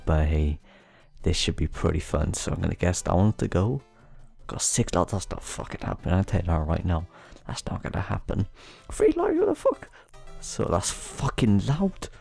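A young man keeps his gaming commentary hushed so he won't wake his family, yet his pitch keeps jumping wildly as he panics. He has a gravelly, fry-laden voice and swears under his breath. Often he drops almost to a whisper, close to his desk microphone. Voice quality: tense and excitable, swearing in bursts, often dropping to a near whisper. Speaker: gaming YouTuber. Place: home at night while family sleeps.

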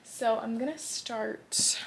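A young woman chats about her reading in a casual vlog, gushing and peppering her talk with fillers. Her voice has a gravelly, fry-laced texture. A faint hiss sits under the recording. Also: fairly high pitch, slow pace, a bit bright. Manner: chatty and gushing, many "like" fillers. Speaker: book vlogger.

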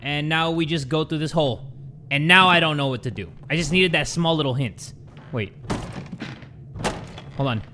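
A young man giving jokey, excitable commentary while playing a game, jumping between loud yelps and low mutters. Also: moderate pace, pauses often, a little hiss or hum. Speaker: gaming YouTuber. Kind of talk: let's play commentary.

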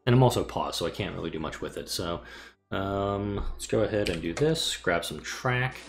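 A man talking through a game in a relaxed, unscripted way, half to the audience and half to himself. His pitch rises and falls a great deal as he wonders aloud and corrects himself. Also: normal speed, creaky, faint music behind. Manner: thinks aloud, muttering to himself while planning; casual, swears mildly. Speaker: let's play gamer. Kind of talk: casual gameplay commentary.

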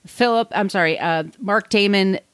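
A woman co-hosting a podcast, retelling a film in a lively, playful way. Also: medium pitch, normal speed, clean tone, no room sound. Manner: lively, laughs often, playful quoted voices. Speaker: podcast co-host. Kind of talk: casual chat.

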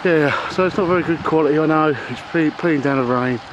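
A middle-aged man, out of breath, talking haltingly to a handheld camera outdoors at night in the rain, with many ums and uhs. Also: on the high side, background noise. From England. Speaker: vlogger. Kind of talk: casual vlog to camera.

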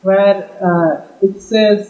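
A man's voice: sits high, steady tone, slow pace, darkish tone. Hesitant Indian-accented man in an echoey room. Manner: hesitant, self-deprecating. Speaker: podcast co-host. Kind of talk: casual discussion. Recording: dull, echoey room sound.

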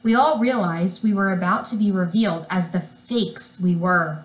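A woman reading a children's chapter book aloud in an unhurried, lively storytelling manner. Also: medium pitch, roomy sound. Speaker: reader.

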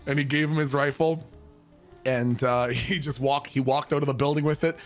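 A man's voice: medium pitch, steady tone, normal speed, faint music behind. A man telling a story in a casual, profane, rambling way, full of restarts.

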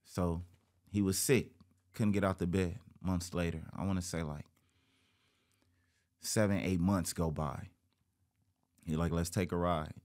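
A man with a very low voice sits as a guest and tells a long story. He acts out the other people's voices as he goes. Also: steady tone, a little slow, pauses often, darkish tone. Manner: acts out quoted voices, jumping high in pitch. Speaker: interview guest. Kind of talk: animated storytelling.

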